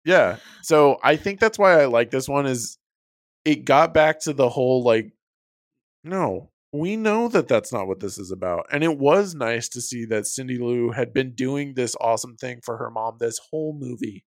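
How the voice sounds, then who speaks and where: A man's voice: mid-range voice, lively intonation, dry recording. Laid-back man in casual chat, dry sound. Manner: laid-back, swears, slows down to make a point. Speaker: podcast co-host.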